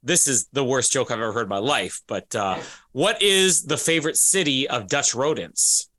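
A man's voice: mid-range voice, expressive, normal speed, sharp tone. A man co-hosting a sports podcast in casual chat, rambling with many restarts and fillers. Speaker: podcast co-host.

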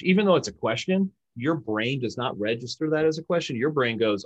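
A man explaining communication techniques in an emphatic, animated coaching manner. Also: mid-range voice, fairly quick, few pauses, husky, no echo, low-quality recording. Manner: emphatic, animated, acts out example lines. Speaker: sales communication guest expert.

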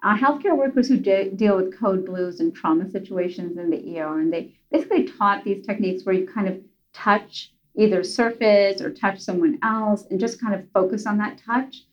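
A woman calmly explaining coping techniques in a casual advice chat, enthusiastic and explanatory. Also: medium pitch, moderate pace, highs cut off. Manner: enthusiastic, explanatory, addresses host by name. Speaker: guest expert.

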